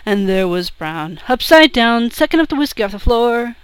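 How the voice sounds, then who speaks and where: A woman's voice: fairly high pitch, lively intonation, fairly quick, few pauses, clear, resonant tone, poor audio. A woman singing a comic folk drinking song with a rowdy storytelling delivery, speaking out the lines of the characters.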